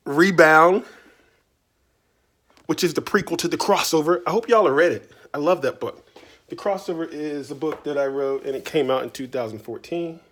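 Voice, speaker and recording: Sitting in his writing studio, the Virginia man, from the Tidewater area, fields reader questions for a casual video Q&A. His voice is a little high and a bit bright, at normal speed, and his manner stays chatty and playful.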